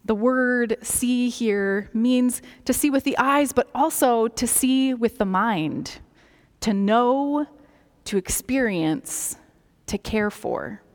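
A woman preaching a sermon in a slow, gentle, reflective way, dropping some phrases to a soft near-whisper. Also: a little high. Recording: long reverb of a large hall.

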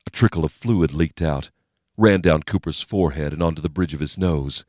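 A man with a very deep, low voice reads a thriller as an audiobook narrator. His delivery is steady, measured and dramatic. The close mic gives a dry, intimate sound with no room. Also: no echo.

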